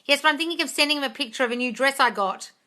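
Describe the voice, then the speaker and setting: A woman hosting a casual live-stream Q&A as a manifesting coach, blunt and sweary, swinging between muttered asides and loud exclamations. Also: sits high, rapid-fire. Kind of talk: casual live-stream chat reading comments.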